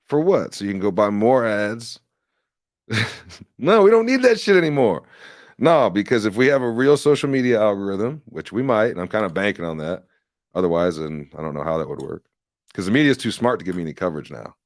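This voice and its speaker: A man's voice: fairly low pitch, expressive, a little fast, no room sound, studio quality. A man hosting a livestream, ranting in a rambling, profane and sarcastic casual way. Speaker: livestream host and candidate.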